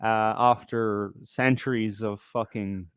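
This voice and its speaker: A man's voice: fairly low pitch, steady tone, slow, smooth, no echo, studio quality. An Irish man co-hosting a live show, talking bluntly with lots of swearing and trailing fillers. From Ireland. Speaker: co-host. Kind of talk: casual live-show chat.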